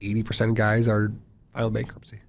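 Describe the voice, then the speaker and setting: A man, a former professional football player, chatting casually as a guest in an interview, talking quickly with many fillers. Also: fairly low pitch, completely flat delivery, vocal fry, a little hiss or hum. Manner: quick, rambling, frequent fillers.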